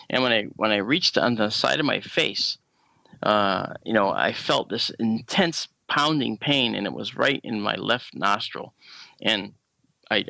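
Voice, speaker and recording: A man telling a personal story as a radio show guest, animated and acting out the dialogue. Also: medium pitch, creaky, no echo, rough recording.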